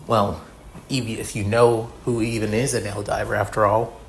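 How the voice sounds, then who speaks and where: A man's voice: on the low side, little pitch movement, moderate pace. Rambling male fan-fiction reader. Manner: rambling, with many restarts and fillers. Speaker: story reader. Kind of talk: amateur fan fiction narration.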